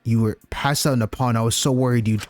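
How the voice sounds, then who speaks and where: A man streaming a video game, reacting excitedly with slang and reading the game text aloud. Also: medium pitch, fast, faint music behind. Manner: excitable, loud outbursts and slang. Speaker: let's play streamer. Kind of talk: gameplay commentary, reading dialogue aloud.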